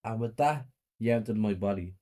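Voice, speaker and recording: A man narrating a first-person horror story in a plain, flat reading. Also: lowish voice, fairly quick.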